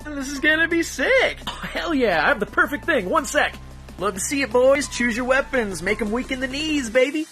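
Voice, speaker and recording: A woman's voice: high-pitched, expressive, normal speed, sharp tone. A woman in a played comedy skit clip, talking in hyped, joking banter over faint music.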